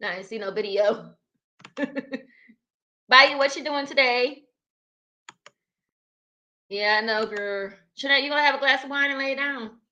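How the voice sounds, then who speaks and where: A woman's voice: sits high, measured pace, pauses often, pushed and bright, lo-fi sound. A young adult woman, hosting a casual livestream, reading the chat and laughing often as she talks to viewers.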